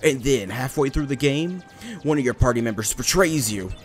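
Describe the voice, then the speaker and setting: A man's voice: medium pitch, lively intonation, fairly quick, soft background music. A young man rambling and joking through casual gameplay commentary, swearing now and then. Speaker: let's play commentator.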